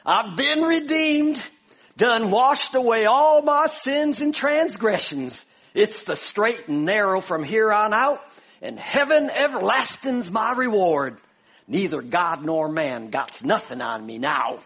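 A preacher puts on a Southern man fresh from the river, crowing that his sins are washed away. The voice climbs high and loud, drawn out slowly with a broad Southern drawl. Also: lively intonation, husky, heavily acted. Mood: exultant. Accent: Southern US, put on. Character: jubilant newly baptized Southern man.

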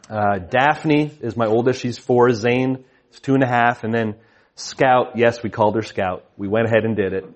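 Casual man preaching with family stories. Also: mid-range voice. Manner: casual storytelling, frequent restarts, self-deprecating humor. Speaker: conference speaker. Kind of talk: sermon with family anecdotes.

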